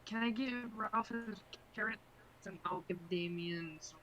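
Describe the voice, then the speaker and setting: Female player, slow and eager, faint background noise. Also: medium pitch, fairly bright tone, low-quality recording. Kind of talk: tabletop role-play.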